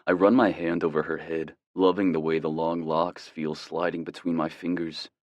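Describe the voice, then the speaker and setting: A man giving a calm, tender first-person narration of a romance audiobook. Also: low-pitched, normal speed, no room sound.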